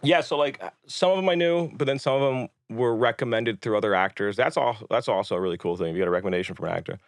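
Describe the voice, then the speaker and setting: Male filmmaker guest, rapid-fire animated storyteller, mid-range voice, dry close mic. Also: medium pitch, no room sound. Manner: animated storyteller who acts out others' lines, swears casually. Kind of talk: casual podcast chat.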